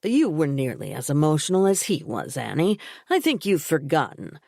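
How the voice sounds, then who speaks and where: A woman reading the part of a calm, patronizing older father in an audiobook, soothing and evasive. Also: low voice, normal speed, gravelly, no echo, clean studio sound, full character voice.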